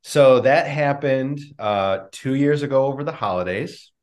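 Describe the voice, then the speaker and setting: A middle-aged man, a business coach, answering interview questions with lively storytelling and acted-out dialogue over a video call. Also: mid-range voice, measured pace. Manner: animated storyteller, acts out quoted dialogue. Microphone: remote video call.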